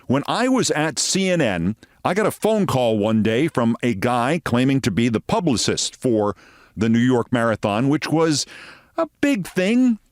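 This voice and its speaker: A man's voice: no echo, studio quality. A man in his sixties hosting a commentary show, sardonic and storytelling. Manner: sardonic, storytelling, theatrical swings in pitch. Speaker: host. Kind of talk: political commentary monologue.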